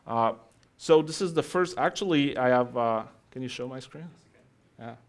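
A man presenting a live software demo to an audience, chatty and joking with the crowd between steps. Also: mid-range voice, normal speed. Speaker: tech conference speaker. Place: talk in front of an audience.

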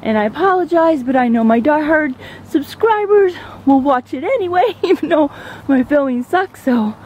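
A vlogger's high, expressive, slightly mellow voice comes at normal speed as she heads uphill on an outdoor neighborhood trail. A little breathless, she rambles casually and gushes over the views, easily awed. Her handheld camera sometimes faces away, and slight background noise is audible.

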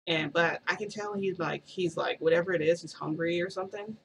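A woman's voice: on the low side, a little fast, slight background noise, low-quality recording. A woman vlogger telling a story in a rambling, casual way, full of "like" and restarts.

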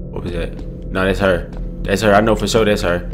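A man's voice: deep voice, fairly even intonation, brisk, soft background music. A young adult man doing jittery, frightened let's-play commentary on a horror game, muttering nervously to his viewers. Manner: jittery, scared, muttering then screaming. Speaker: gaming YouTuber.

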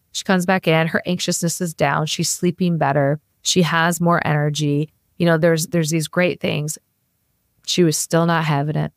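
A woman on an interview speaks in a fairly low voice, talking casually as a health practitioner. She tells her stories freely, with plenty of "like" fillers. The sound is dry, with no room echo. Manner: chatty storyteller, many "like" fillers. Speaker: naturopathic practitioner guest.

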